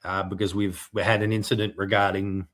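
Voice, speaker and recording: A man's voice: fairly low pitch, little pitch movement, fairly quick, fairly bright tone. A man co-hosting a podcast, speaking in a hesitant, mock-indignant casual chat with many fillers. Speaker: podcast co-host.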